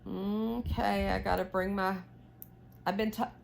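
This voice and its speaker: A woman's voice: medium pitch, little pitch movement, measured pace, vocal fry. A woman, chatting casually to her viewers while she knits, full of fillers and questions and a little tired. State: yawning, tired. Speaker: knitting vlogger. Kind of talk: casual chat while knitting.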